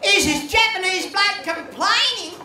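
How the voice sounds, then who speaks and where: An Australian man doing live stand-up comedy in a crude, profane style, shouting his punchlines. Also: extremely high pitch, lively intonation, a little slow. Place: comedy venue with audience. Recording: echoey live venue with crowd noise.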